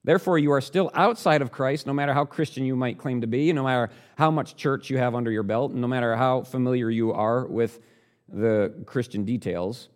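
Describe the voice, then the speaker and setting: A man preaching a sermon, earnest and direct, asking the listeners questions and building up louder on the points he stresses. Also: mid-range voice, a little fast.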